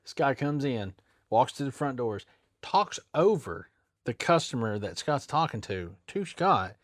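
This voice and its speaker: In casual chat, a tire shop worker with a mid-range voice speaks a little slowly, telling a story plainly and with loose grammar. He gets animated, raising his voice to act out the people he quotes. The sound is clean studio audio with no echo.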